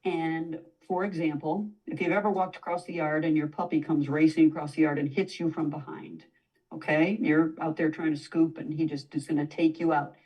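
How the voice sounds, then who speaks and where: A woman's voice: deep voice, little pitch movement, normal speed, darkish tone, recorded from a distance, poor audio. A woman dog trainer, a guest in a conversational interview, explaining at length and now and then acting out what a dog might say. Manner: explanatory, acts out dog voices in quotes.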